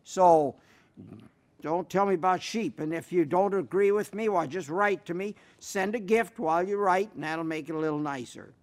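An older man with a high voice preaches a folksy sermon at a normal speed, telling stories with emphatic repetition and answering letters from listeners. He is a radio preacher who grew up raising sheep in the countryside.

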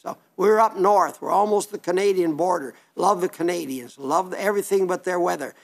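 A man's voice: high-pitched, a little fast, gravelly. An older man from South Dakota, a radio preacher reading listener letters and giving a plainspoken, folksy sermon that rambles with restarts.

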